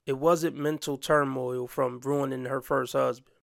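Male reaction host, gravelly voice, blunt and mocking delivery, dry close sound. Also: mid-range voice, level tone, a little slow, dry recording. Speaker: commentary host. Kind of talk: reaction commentary.

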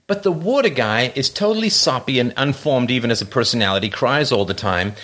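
A man talking casually with a co-host about a film, joking and sarcastic about how little sense it makes. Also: fairly quick. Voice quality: lively pitch, jokey and sarcastic about film logic. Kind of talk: casual chat.

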